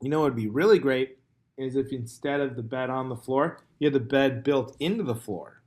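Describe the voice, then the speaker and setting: Man, podcast host, mid-pitched voice, rambling, joking, casual comedy chat. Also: brisk, a little mellow. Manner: rambling, joking, lots of fillers.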